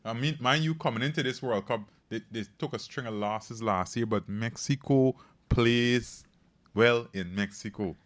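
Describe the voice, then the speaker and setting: A man co-hosting a morning show, chatting about sports with halting, repeated words. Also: mid-range voice, no echo. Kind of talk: casual chat.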